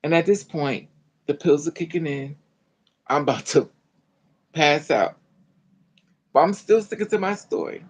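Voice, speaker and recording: A woman recounting a personal story in an animated, dramatic way, full of colloquial slang. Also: sits low, a little slow, long pauses, slightly rough, low-quality recording. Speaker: storyteller vlogger.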